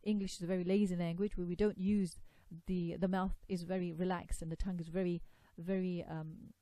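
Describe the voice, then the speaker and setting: A woman leads a tajweed lesson, patiently sounding out Arabic letters one by one for her students to repeat. Her voice sits low and mellow. The recording is close and dry, with no room echo. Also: flat delivery. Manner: patient, repeats sounds slowly for learners to copy. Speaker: Quran recitation teacher.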